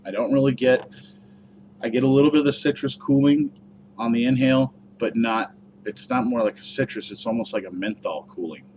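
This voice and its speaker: A man's voice: mid-range voice, a little fast, background noise. A man giving a casual, rambling review vlog, chatty and full of fillers. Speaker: product reviewer.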